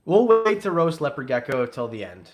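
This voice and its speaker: A man's voice: fairly high pitch, sing-song, moderate pace. A man hosting a casual livestream, reading super chats and teasing in a joking, rambling way. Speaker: livestream host.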